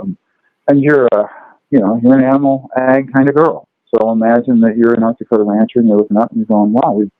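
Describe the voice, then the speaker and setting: A man teaching food law, telling long lively stories and acting out the people in them. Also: lowish voice, dry recording. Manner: animated, acts out characters in his stories. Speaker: food law lecturer and podcast guest. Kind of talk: lively storytelling chat. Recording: dry, phone-like line.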